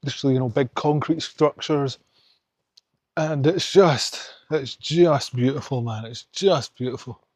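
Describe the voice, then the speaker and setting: This young hiking vlogger from Scotland talks casually on a mountain walk, opinionated and rambling. He has a medium-pitched, slightly mellow voice and a slow pace, with no echo in the audio.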